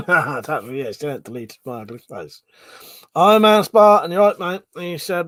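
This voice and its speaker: A man's voice: fairly high pitch, a little slow, fairly bright tone, no echo. A man from Buckinghamshire, hosting a livestream in casual chat, reading out viewer comments, laughing often and swearing freely. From Buckinghamshire, England. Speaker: livestream host.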